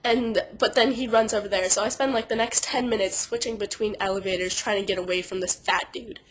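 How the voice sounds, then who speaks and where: Young woman, nasal, sick and stuffy, casual vlog, rambling, animated storytelling. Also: medium pitch, brisk, a little hiss or hum, poor audio. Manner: chatty, animated, lots of "like", funny voices for quoted people. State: sick and congested. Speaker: vlogger.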